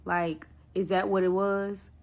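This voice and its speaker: A woman putting on a clingy, insistent ex-girlfriend who pleads and accuses in turn. The voice sits a touch lower than the storyteller's own middle pitch, inside a casual story told to camera. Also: level tone, takes it slowly, a little mellow. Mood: pleading.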